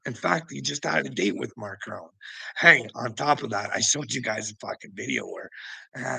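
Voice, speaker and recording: A gravelly, raspy man delivers a profane, combative rant in a tense, edgy voice. He sounds scornful and laughs often between jabs, with a dry, close sound. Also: medium pitch, sharp tone, no echo, low-quality recording. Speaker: vlogger. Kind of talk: ranting commentary.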